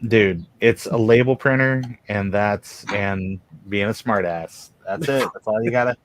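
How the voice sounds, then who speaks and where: A man in his thirties or forties chatting casually on a video call, deadpan and joking, spinning rambling tall tales. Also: fairly low pitch, measured pace. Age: 30s to 40s. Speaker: guest on a livestream.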